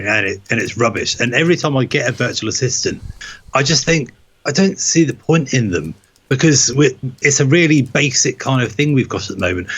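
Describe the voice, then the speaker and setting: A man's voice: mid-range voice, fairly bright tone, breathy edge. A man with a Norfolk accent co-hosting a tech podcast, talking through his opinions in a loose, rambling casual chat. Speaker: podcast co-host.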